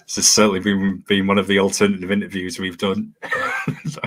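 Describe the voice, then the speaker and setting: A man hosting an interview, chatty and quick to laugh as he tells stories. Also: low-pitched, a bit bright. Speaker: podcast host. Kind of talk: casual interview chat.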